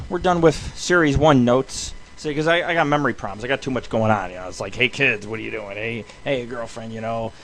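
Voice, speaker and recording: Rambling, foul-mouthed middle-aged radio host. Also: male voice, on the high side. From southern Nevada. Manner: rambling, swears constantly, loud and blunt. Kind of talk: casual profane monologue.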